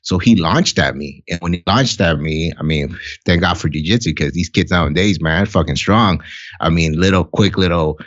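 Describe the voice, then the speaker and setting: A man's voice: low voice, moderate pace, fairly bright tone, lo-fi sound. A middle-aged man, a podcast guest, talking candidly and with heavy profanity about fatherhood in casual conversation. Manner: blunt, profane, heartfelt storytelling.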